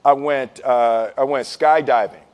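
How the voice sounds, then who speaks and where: A man's voice: mid-range voice, fairly even intonation, measured pace, a little mellow, smooth. A man telling a story with lots of laughter, acting out what people say and often repeating his words. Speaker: speaker giving life advice. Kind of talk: animated storytelling with acted-out quotes.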